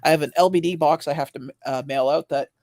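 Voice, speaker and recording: A man's voice: a little high, fast talker, a little mellow, no room sound. A man hosting a casual livestream chat, rambling with frequent restarts and easy laughter. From Canada. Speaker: livestream host.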